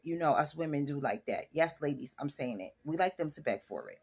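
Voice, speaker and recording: A woman in her forties with a slightly low, voice, speaking frankly in a casual vlog. She chats straight to her viewers and sounds sure of her opinions. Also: expressive, a little fast, few pauses, husky. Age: 40s. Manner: frank, chatty, addresses viewers directly. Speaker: vlogger.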